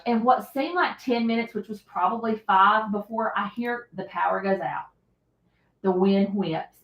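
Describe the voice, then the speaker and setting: A middle-aged woman, hosting a casual livestream and retelling a story in an animated, dramatic way. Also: medium pitch, lo-fi sound. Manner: animated, dramatic retelling with loud acted shouts. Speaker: livestream host. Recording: echoey room.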